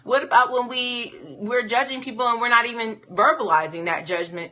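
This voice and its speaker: A woman giving a devotional Bible teaching talk in an animated way, full of rhetorical questions. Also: a little high, brisk.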